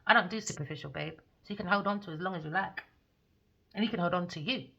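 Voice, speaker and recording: A woman's voice: on the low side, bright, forceful tone, muffled recording. A woman giving a tarot reading in a scornful, profane and theatrical way. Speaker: tarot reader.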